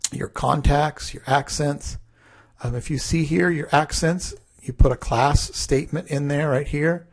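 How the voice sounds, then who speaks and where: In a relaxed, conversational screen-recorded coding tutorial, a man teaches a class and thinks aloud as he works. His voice sits fairly high, with a creaky, husky texture.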